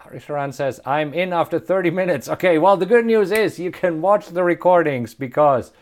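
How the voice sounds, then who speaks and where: A man's voice: fairly high pitch, brisk. Upbeat man with a German accent. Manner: upbeat, chuckles often, many filler uhs. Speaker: host. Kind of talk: live stream chat reading viewer comments.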